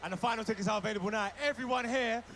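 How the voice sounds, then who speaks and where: A very high-voiced man hosts a rap battle, shushing the crowd and firing off quick announcements. He sounds distant from the mic, with faint room ambience behind him. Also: gravelly, fairly bright tone, slight background noise. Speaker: rap battle event host.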